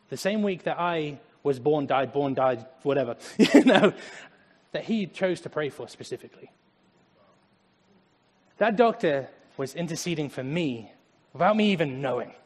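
A young man preaching a lively sermon in a church, laughing often as he talks. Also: on the high side, in a large hall. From Germany. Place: church sanctuary.

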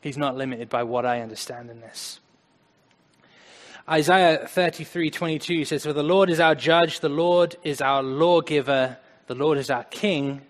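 A man preaching a conversational sermon, earnest, swinging between loud emphasis and quiet asides. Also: a little high, normal speed. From United States. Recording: long hall reverb.

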